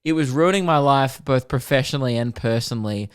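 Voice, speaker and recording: A man's voice: mid-range voice, a little fast, clear, resonant tone, no room sound, studio quality. Blunt joking man. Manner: blunt, joking, swears casually. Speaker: podcast co-host. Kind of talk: casual chat.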